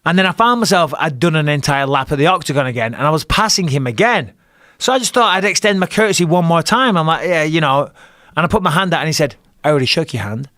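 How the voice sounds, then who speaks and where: A middle-aged man telling a fight story in a casual podcast chat, animated and profane, with frequent restarts. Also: fairly high pitch, fast talker, no echo, studio quality. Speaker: guest, retired fighter and commentator.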